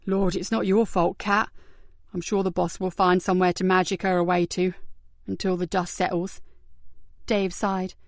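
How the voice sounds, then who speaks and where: A woman reading an audiobook and voicing a weary, kind middle-aged male detective in a quiet, subdued way. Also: on the low side, little pitch movement, normal speed, dry recording, close to an everyday voice.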